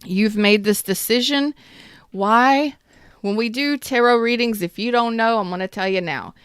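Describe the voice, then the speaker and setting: Smooth-voiced woman reading tarot. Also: on the high side, moderate pace, a bit bright, dry recording, studio quality. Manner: chatty, addresses viewers directly; upbeat, emphatic. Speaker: tarot reader.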